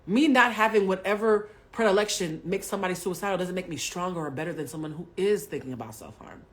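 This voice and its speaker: Speaking quickly with a fairly low pitch, a Haitian woman in her forties who works as a spiritual coach recounts a personal story on a livestream. She's blunt and profane, swinging between loud bursts and hushed asides, heard through a webcam or phone mic at home.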